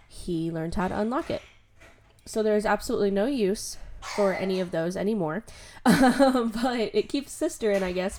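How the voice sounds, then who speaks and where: A young woman chats casually as a podcast host, recording at home. She rambles warmly through her thoughts with plenty of "um" and "like" and laughs often. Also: mid-range voice, slight background noise. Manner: chatty, many fillers, laughs often.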